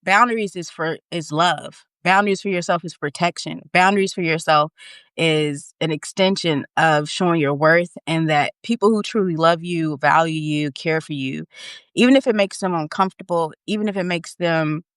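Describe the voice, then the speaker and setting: A woman hosting a live video, telling a personal story in a candid, emphatic way, repeating and restarting when the feeling runs high. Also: normal speed, fairly bright tone, smooth, dry recording. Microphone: phone or webcam, live stream.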